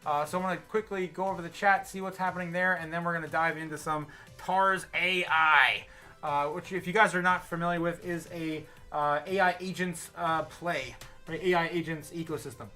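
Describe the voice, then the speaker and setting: A man's voice: fairly high pitch, fairly even intonation, moderate pace, pushed and bright, faint music behind. A man with an American accent hosting a livestream, giving casual market commentary while a little tipsy, rambling with many fillers and restarts. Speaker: livestream host.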